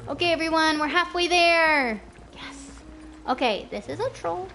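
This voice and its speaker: A woman's voice: high-pitched, expressive, normal speed, gravelly, fairly bright tone. A young woman in her twenties chatting casually with her viewers while playing a game, rambling from topic to topic. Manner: chatty, rambling, talks to chat. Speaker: game streamer. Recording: noisy stream audio.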